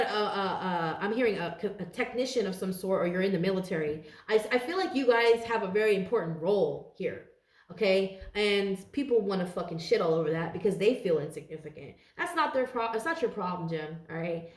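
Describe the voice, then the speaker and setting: A woman giving a casual tarot reading to her viewers, blunt and profane, rambling with lots of fillers. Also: mid-range voice. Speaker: tarot reader. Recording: roomy echo.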